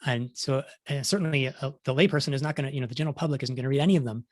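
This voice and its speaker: A middle-aged science journalist gives a conversational conference talk very fast, in a medium-pitched voice. He restarts often and acts out quotes along the way. The studio-quality audio has no room sound.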